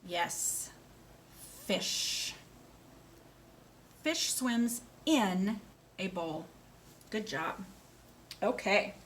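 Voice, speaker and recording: A woman speech therapist giving a slow, clear lesson to a young child, praising answers and asking simple questions. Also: medium pitch, expressive, fairly bright tone, a little hiss or hum. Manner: slow, clear, sing-song and encouraging, with animal sounds.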